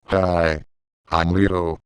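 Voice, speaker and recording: A man reading the lines of a cheerful young cartoon boy who leads a team, in his own low, clear voice. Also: flat delivery, extremely slow, dry recording. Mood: eager.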